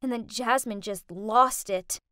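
A young woman narrating a first-person animated story in a dramatic, emotional way. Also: fairly high pitch, a little slow, no room sound, clean studio sound.

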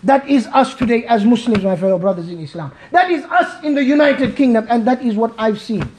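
A man from Malawi delivering an emotional Friday sermon, impassioned and pleading, at times near shouting. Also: very high voice, animated, brisk, a little hiss or hum. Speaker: preacher. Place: mosque. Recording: echoey mosque hall.

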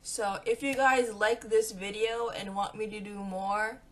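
A young woman vlogging a storytime, chatty and animated, acting out what her friends said. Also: medium pitch, unhurried. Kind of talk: storytime vlog.

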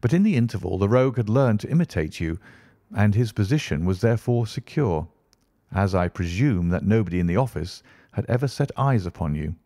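A man reading an audiobook voices a brisk, impatient male detective who lectures in a crisp manner. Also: lowish voice, expressive, warm tone, no room sound, clean studio sound. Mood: lecturing.

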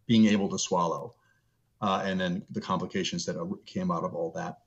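Man, middle-aged, low voice, muffled video call sound, earnest storytelling guest. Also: fairly even intonation, brisk, vocal fry. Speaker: guest, seminary professor. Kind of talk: reflective interview storytelling. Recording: dull lo-fi video call audio.

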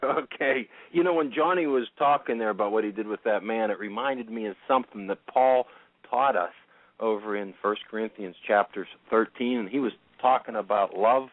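A man's voice: lowish voice, normal speed, no echo. Earnest preacherly man over a phone line. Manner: earnest, preacherly, cites verses. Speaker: radio co-host. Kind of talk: short scripture reflection. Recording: dry, phone-like narrow sound.

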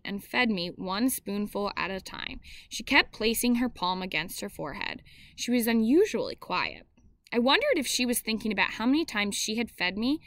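Bright-voiced woman reading a novel aloud. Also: mid-range voice, no echo. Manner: steady first-person narration with small slips and self-corrections.

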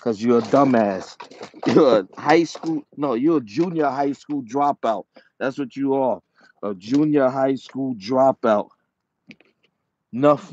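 Slow, taunting man ranting at his critics. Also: mid-range voice, a little mellow. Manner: repetitive, insulting, slow and taunting. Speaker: dog breeder and channel owner. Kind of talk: angry rant to camera. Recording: dull lo-fi sound with faint noise.

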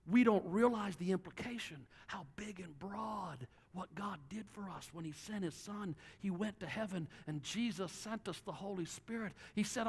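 A pastor preaching a sermon from a church platform, animated and joking, acting out little dialogues for his congregation. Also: high voice.

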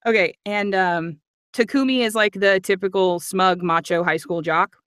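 A woman's voice: mid-range voice, moderate pace, a bit bright, clear, resonant tone, no room sound, studio quality. A woman audiobook narrator in casual livestream chat, chatty and giggly. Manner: chatty and giggly, nerdy about accents.

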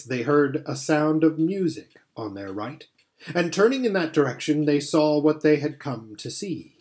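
Man reading a storybook aloud. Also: fairly high pitch. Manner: measured, steady reading with occasional slips. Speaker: audiobook reader. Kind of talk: storybook narration.

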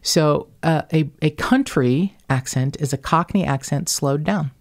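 A woman hosting a podcast, with a faint Northern Kentucky accent in her vowels and cadence. She talks in long, rambling, animated stories full of asides. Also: low-pitched, a little slow. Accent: slight Northern Kentucky. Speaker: podcast host. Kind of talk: casual podcast chat.

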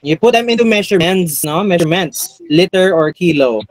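A man's voice: high-pitched, expressive, brisk, no echo, low-quality recording. Filipino male teacher quizzing a class. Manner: quizzing a class, mixing in Tagalog. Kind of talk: classroom review lecture.

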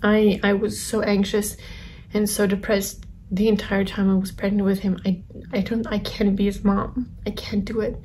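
Soft, halting young woman telling a story. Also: medium pitch, level tone, a little hiss or hum. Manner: soft-spoken, halting, drifting into whispers. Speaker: vlogger. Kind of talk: personal storytelling.

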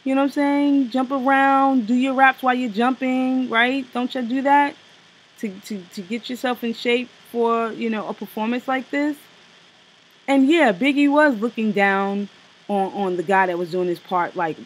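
A woman co-hosting a casual review chat, blunt and animated, with slang and profanity. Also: a little high, moderate pace, husky, poor audio. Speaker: co-host reviewing a TV special.

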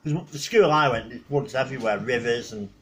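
A middle-aged man with a husky, slightly rough voice. He talks to his own channel in a loose, rambling way, filling gaps with "you know" and "uh". His pitch sits in an ordinary middle range, and he chuckles at his own tales. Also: fairly quick. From northwest England. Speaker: vlogger. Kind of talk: casual rambling reminiscence.

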